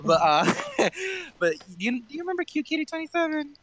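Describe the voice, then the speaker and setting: A man's voice: very high-pitched, fairly quick, a little hiss or hum. A young man in his twenties on a casual gaming podcast, telling stories with lots of swearing and laughter. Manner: animated storytelling, swears and laughs a lot. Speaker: podcast co-host.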